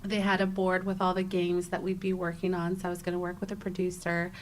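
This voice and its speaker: A young adult woman, a podcast guest, telling a personal story in a casual interview, animated and acting out her own exclamations, with frequent restarts. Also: lowish voice, quick pace, a little hiss or hum.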